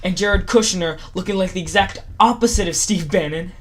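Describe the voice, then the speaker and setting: A man's voice: high-pitched, fairly quick. A man giving casual reaction commentary in a sarcastic, mock-enthusiastic ranting way. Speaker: YouTube commentator.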